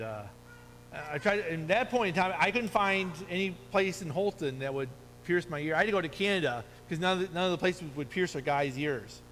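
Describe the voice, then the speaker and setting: Middle-aged male preacher, earnest exhorting sermon delivery, high voice, reverberant hall. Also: fairly bright tone. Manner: earnest, exhorting, quotes scripture. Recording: long hall reverb, faint hum.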